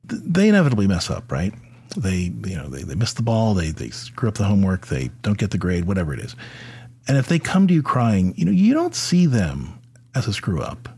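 Husky-voiced man giving a lively faith talk. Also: on the low side. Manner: conversational, with many fillers and repeated words. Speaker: podcast host. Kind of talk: faith talk addressed to fathers.

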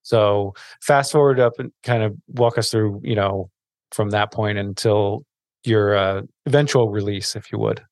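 Male podcast host, low voice, supportive interviewer, dry sound. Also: measured pace, no echo. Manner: supportive, many short affirmations.

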